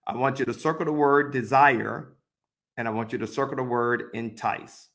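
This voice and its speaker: A man teaching a Bible study, reading verses aloud and methodically telling listeners which words to underline and highlight. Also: fairly even intonation, fairly bright tone. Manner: methodical, repeats instructions to mark the text; reads scripture aloud then pauses to direct.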